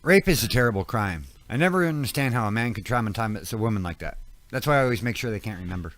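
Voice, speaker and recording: Sex: man. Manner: deadpan one-liners. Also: lowish voice, fast. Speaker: podcast co-host. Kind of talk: casual joke-telling.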